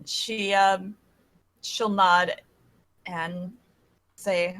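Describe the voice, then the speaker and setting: A woman at a tabletop game, narrating what her character does with deadpan asides. She talks slowly in a bright voice. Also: mid-range voice. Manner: unhurried, laughs often, deadpan in-character asides. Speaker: player. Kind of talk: casual tabletop role-play narration.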